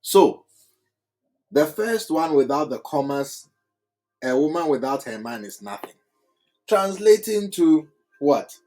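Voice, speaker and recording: A man teaching at a writing board, slow and deliberate, repeating phrases word by word. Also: a little high, very animated, dark tone, poor audio. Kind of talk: whiteboard lecture.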